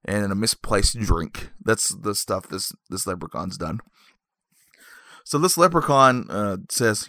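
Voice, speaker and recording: A man giving a rambling, jokey recap of a horror film as a movie reviewer, with deadpan asides. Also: fairly low pitch, unhurried, dry recording, studio quality.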